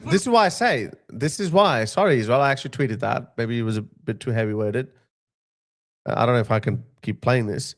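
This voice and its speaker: A man's voice: medium pitch, brisk. A man in his thirties giving an opinionated live-stream monologue as a political commentator, emphatic and heated, often restarting and repeating his phrases.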